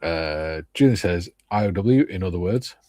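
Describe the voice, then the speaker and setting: An older man hosts a casual livestream and jokes his way through viewers' comments. His voice is husky and fairly low. The sound is dry and close. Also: animated, normal speed, mellow, no echo. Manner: jokey, reads out chat comments. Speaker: livestream host.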